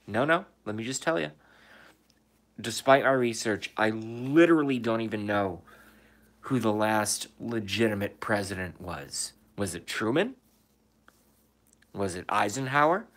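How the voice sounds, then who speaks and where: Reading his chat aloud from his room, a man hosts a relaxed livestream, answering viewers with curses and forceful rhetorical questions. The voice sits fairly low, with lively intonation, a measured pace and a bright, forceful quality.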